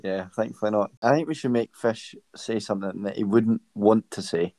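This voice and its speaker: A man's voice: on the low side, normal speed, dark tone, no echo. A man co-hosting a casual podcast, playful and laughing between lines. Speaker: podcast co-host. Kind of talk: casual banter.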